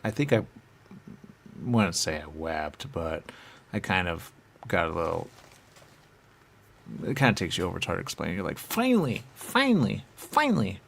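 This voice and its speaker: Voicing a dead spirit in the first person, a man rambles haltingly and lets his sentences trail into fillers. Quotes come out in high voices, and his tone is creaky yet fairly bright.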